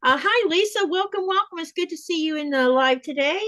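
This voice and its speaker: A woman's voice: very high voice, lively intonation, a little fast, fairly bright tone, no room sound. An older woman hosting a casual livestream chat, greeting viewers by name. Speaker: host.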